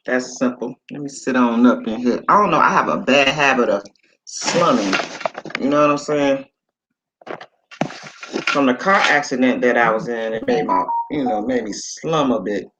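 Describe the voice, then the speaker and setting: A livestream host in his late fifties talks casually into his phone, rambling, swearing, and reading out viewer comments. He speaks at a moderate pace in a medium-pitched voice, with background noise in the recording.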